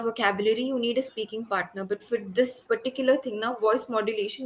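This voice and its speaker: A woman's voice: on the high side, a bit bright, slight background noise, low-quality recording. Indian woman tutoring on a video call. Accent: Indian English. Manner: encouraging, explains step by step. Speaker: English speaking tutor. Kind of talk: online speaking lesson.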